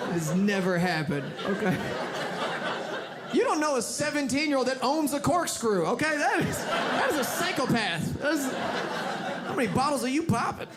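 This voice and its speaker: A young man doing stand-up comedy, telling an exasperated story with animated shouted bits, into a handheld mic on a club stage. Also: very high-pitched, moderate pace, over a noisy crowd. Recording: loud audience laughter and noise.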